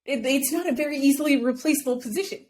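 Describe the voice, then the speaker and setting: Chatty woman podcaster, bright pitch. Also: rapid-fire. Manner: chatty, explains at length, laughs often. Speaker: podcast co-host. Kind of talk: casual sports chat.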